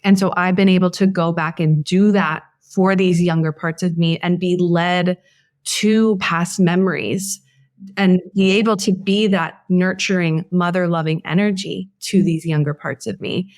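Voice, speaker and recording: A woman hosting a podcast in a relaxed conversation. She speaks in a lowish voice that is earnest and heartfelt, and thinks aloud as she goes. The sound is dry and close, with hardly any room around it. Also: measured pace, no echo. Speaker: podcast host. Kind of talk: casual conversation.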